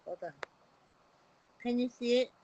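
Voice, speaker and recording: High-voiced woman rambling and laughing. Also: unhurried, dark tone, dull audio. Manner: rambling, laughing storyteller who swears freely. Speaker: guest caller on a live stream. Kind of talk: casual chat.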